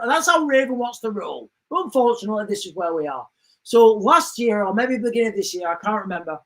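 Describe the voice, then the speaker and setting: A man hosting a live stream, rambling and animated as he talks to his viewers. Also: sits high. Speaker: livestream host.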